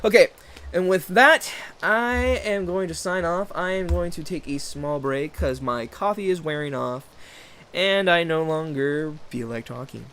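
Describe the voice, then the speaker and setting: A man's voice: fairly high pitch, measured pace, a bit bright, a little hiss or hum. A man hosting his own channel, rambling through a sarcastic, profanity-heavy rant and mocking other people's voices. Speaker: channel host. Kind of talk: rambling ranting monologue.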